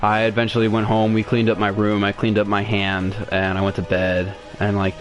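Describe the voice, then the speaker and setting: A man's voice: lowish voice, completely flat delivery, moderate pace, music in the background. A young man telling a long personal story on a podcast in a rambling, profane way, full of restarts and fillers. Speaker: podcast host. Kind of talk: casual storytelling.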